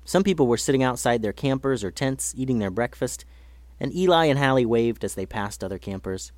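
A man narrating a children's story in a gentle, lively reading manner. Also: medium pitch, brisk, dry recording.

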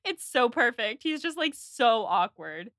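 A woman talks through a film scene on a podcast, voicing each character as she goes. Her voice sits high and swings widely in pitch. The recording is dry and close. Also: unhurried, no echo. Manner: animated, acts out characters' lines. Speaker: podcast co-host. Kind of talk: casual chat recapping a film.

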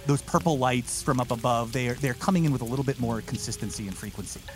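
A man narrating as game master of a comedic tabletop role-playing podcast, lively and playful. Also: fast, music in the background. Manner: animated, jumps into high silly voices for side characters.

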